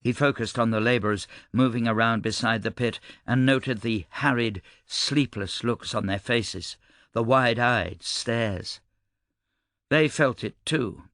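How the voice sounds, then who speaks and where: Gravelly male audiobook narrator. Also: mid-range voice, fairly bright tone, no echo, studio quality. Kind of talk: scripted narration.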